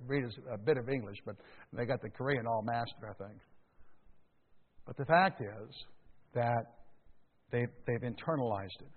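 An older man preaching a sermon as pastor, conversational, with emphatic rises and quiet drops. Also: mid-range voice, breathy edge. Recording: tinny phone-like sound in a reverberant hall.

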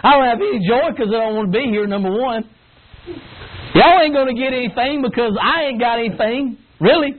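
A middle-aged pastor preaches an emphatic, folksy sermon to young people in a very high, fairly quick voice, acting out whining kids with grunts. The audio sounds tinny, like a phone line, with faint noise.

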